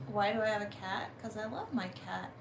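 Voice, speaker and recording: Speaking in a creaky mid-range voice, a woman records a casual home vlog on a phone camera indoors, with a roomy sound and a noisy background. She is chatty and a bit foul-mouthed, swearing and complaining at length.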